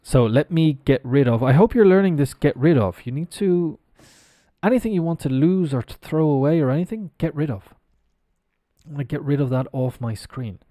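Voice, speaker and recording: A man's voice: a little high, lively intonation, moderate pace, mellow, dry recording, studio quality. A middle-aged Irish man teaching English pronunciation on a live stream, explaining patiently and spelling words out letter by letter. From Ireland.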